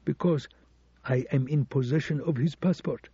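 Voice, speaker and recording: A scheming embassy administrator who stays respectful while dropping sly hints, as an audiobook reader plays him. The voice is husky and dark. The recording is dry and dull, like an old cassette. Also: male voice, fairly high pitch, normal speed, no room sound, pitched above the performer's own voice. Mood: insinuating. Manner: quiet, respectful, insinuating.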